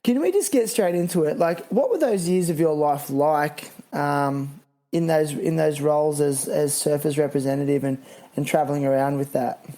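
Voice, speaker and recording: A man's voice: fairly high pitch, moderate pace, dark tone. A man hosting a podcast interview, reading sponsor spots and chatting in laid-back surfer slang. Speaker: podcast host. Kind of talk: casual interview.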